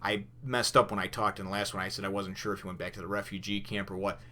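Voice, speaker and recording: Low and level in tone, his voice comes out fast, pushed, and bright. As a manga reviewer casually going over a comic chapter with his commentary, he rambles with frequent "you know"s and restarts and loosely acts out characters' lines.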